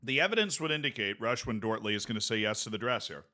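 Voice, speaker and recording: Fairly low in pitch yet bright and forceful, this man's voice is animated and fast. While streaming a game, he chats casually with viewers, joking around and aiming playful asides at the chat.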